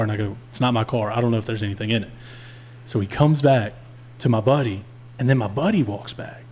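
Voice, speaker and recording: A man's voice: medium pitch, slight background noise. A man casually telling a long story on a podcast, swearing freely and acting out every line of dialogue himself. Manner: animated, profane, acts out both sides of dialogue. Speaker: podcast co-host.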